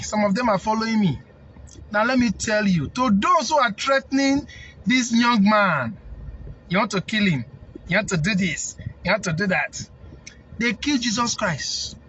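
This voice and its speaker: Nigerian guy w a high voice going off at people, preachy and defiant, keeps repeating himself, dull lo-fi audio. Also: a bit bright, a little hiss or hum. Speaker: snail farming consultant. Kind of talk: impassioned rant to camera.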